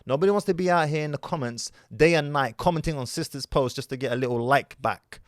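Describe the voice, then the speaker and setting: A man's voice: on the high side, quick pace, no echo, clean studio sound. A man giving opinionated commentary, lecturing emphatically with rhetorical questions and the odd Arabic word. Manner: scattered Arabic words in his speech. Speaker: online commentator.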